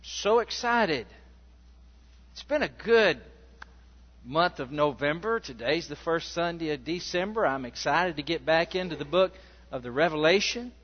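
A man's voice: fairly high pitch, animated, measured pace. A man preaching a sermon as pastor, rambling in a folksy storytelling way before reading scripture aloud. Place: church sanctuary. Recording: dull sound in a reverberant hall.

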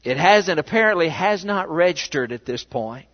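A male pastor preaching a sermon, telling a story with animated rhetorical questions in a church. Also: fairly high pitch, normal speed, few pauses. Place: church sanctuary. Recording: echoey, dull church recording.

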